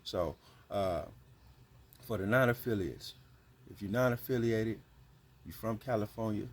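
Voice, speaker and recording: A man's voice: fairly low pitch, a little slow. A man hosting his channel, giving earnest, slangy advice in a casual monologue. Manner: earnest, slangy, repeats points.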